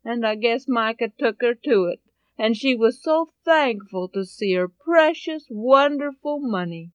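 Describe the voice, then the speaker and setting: A woman telling a Bible story in an expressive way, swinging between loud and hushed. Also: on the high side, measured pace, smooth, no room sound, highs cut off.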